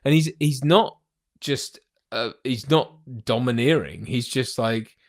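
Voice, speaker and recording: Male co-host, animated film chat, laughs a lot, mid-pitched. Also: takes it slowly, dry recording, clean studio sound. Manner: enthusiastic, laughs often, acts out movie lines. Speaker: podcast co-host. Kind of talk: casual film review chat.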